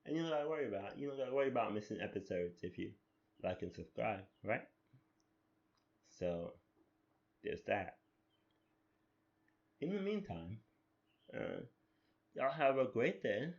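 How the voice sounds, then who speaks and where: Rambling man with a lively voice. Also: fairly low pitch, moderate pace, vocal fry, long pauses, dull audio. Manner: rambling, self-amused. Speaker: podcast host. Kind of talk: casual solo podcast chat.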